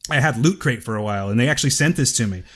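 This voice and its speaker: A male podcast host in relaxed banter, with a mid-pitched everyday voice. He rambles and swears freely and breaks into laughter easily. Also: rapid-fire. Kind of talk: casual chat.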